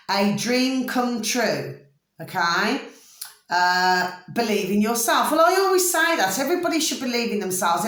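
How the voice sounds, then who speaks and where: Middle-aged woman, tarot reader, bright higher voice, talkative and giggly, roomy echo. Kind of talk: chatty tarot reading to camera. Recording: echoey room.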